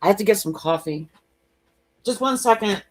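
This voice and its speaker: A woman's voice: medium pitch, animated, normal speed. A woman giving a live-streamed tarot reading, chatty and frank, often laughing between points. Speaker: tarot reader. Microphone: computer mic on a live stream.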